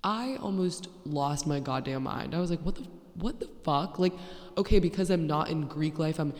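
A young woman podcast host with a deep, expressive, slightly mellow voice at normal speed delivers a casual storytelling monologue. She's blunt and sarcastic, and the echoey recording comes from a poorly placed handheld mic.

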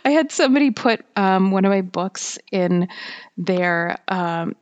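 A woman with a slightly whiny voice at a middling pitch talks alone on her podcast. She rambles in a loose, chatty way, fills gaps with ums and likes, and breaks into laughter often. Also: animated, unhurried, dull audio. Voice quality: self-described whiny voice. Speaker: writer hosting a podcast. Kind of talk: casual solo monologue.

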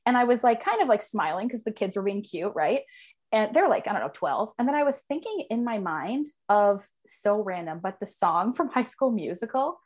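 A woman's voice: mid-range voice, big pitch swings, moderate pace, a little mellow. A young woman hosting a casual chat from her home office, talkative, laughing often and swearing casually. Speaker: podcast host.

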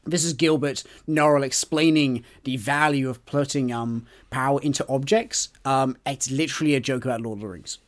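A man's voice: medium pitch, fairly even intonation, moderate pace, hardly any pauses. A man co-hosting a book podcast, chatting casually and giving his opinions with enthusiasm. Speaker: podcast co-host. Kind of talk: casual chat about a book.

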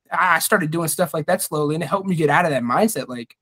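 Earnest young man, higher voice. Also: brisk, hardly any pauses, a bit bright. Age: young adult. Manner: earnest, heartfelt, swears freely. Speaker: podcast host. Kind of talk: casual podcast conversation.

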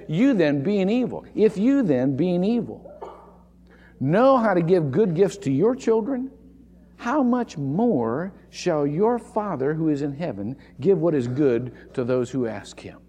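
A man's voice: fairly high pitch, expressive, unhurried, darkish tone, slightly rough, long reverb tail. A man preaching a sermon as pastor, stressing and repeating key words for emphasis, recorded in a church. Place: church sanctuary.

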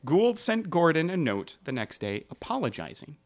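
A man's voice: on the high side, very animated, normal speed, a little hiss or hum. A man hosting a casual podcast, telling a history story with jokes and asides.

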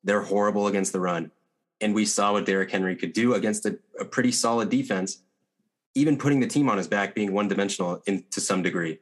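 A man co-hosting a casual sports betting chat, confident and talking in quick bursts. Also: fairly low pitch. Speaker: podcast co-host.

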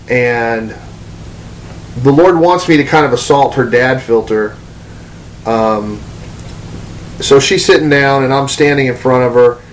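A man's voice: medium pitch, slight background noise, low-quality recording. A man, a minister, telling a personal story in a conversational way, with frequent ums and restarts.

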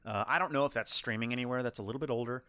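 A man's voice: medium pitch, rapid-fire, sharp tone, no room sound. Guy rambling through a movie recap, restarts a lot, dead dry mic. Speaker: podcast co-host. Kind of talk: casual film review chat.

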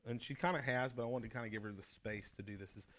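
A man's voice: mid-range voice, fast talker, fairly bright tone. Joking, self-deprecating male pastor. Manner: jokey and self-deprecating, asks questions. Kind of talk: conversational sermon with his wife. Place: church room with a group.

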